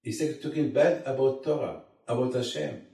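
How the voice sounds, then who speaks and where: A man's voice: mid-range voice, moderate pace, mellow. A man giving a Torah sermon, emphatic and full of rhetorical questions. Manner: emphatic, rhetorical questions, addresses listeners as "my friend". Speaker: rabbi. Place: community study hall. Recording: roomy, from far off the mic.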